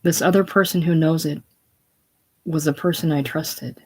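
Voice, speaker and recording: A reader voicing an anxious, secretive middle-aged woman in a casual play reading, halting and breaking off mid-sentence. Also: medium pitch, steady tone, darkish tone, slightly rough, close to an everyday voice, rough recording. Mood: fretful.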